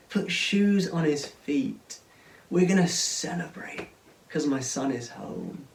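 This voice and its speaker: A man voicing a loving, forgiving old father who welcomes his lost son home with joy. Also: on the high side. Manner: urgent, joyful commands. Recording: roomy sound, mic at a distance.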